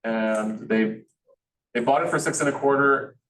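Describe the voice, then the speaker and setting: Man instructor, mid-pitched, walks through numbers aloud, roomy echo, distant mic. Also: measured pace, fairly bright tone. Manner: thinks aloud, restarts phrases, explains step by step. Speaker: real estate instructor. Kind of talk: teaching a class, walking through numbers live.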